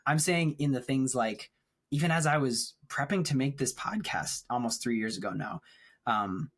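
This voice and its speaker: A man's voice: mid-range voice, animated, normal speed, a bit bright. A man co-hosting a film podcast, talking in a thoughtful, rambling way with frequent laughs. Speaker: podcast co-host. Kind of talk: casual chat. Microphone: remote recording setup.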